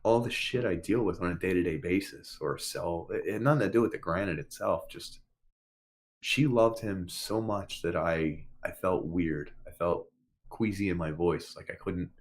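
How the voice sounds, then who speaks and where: A man with a fairly low voice tells a story to a friend in relaxed podcast chat. He swears casually and acts out what people said. His delivery is animated and conversational. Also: moderate pace. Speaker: podcast co-host.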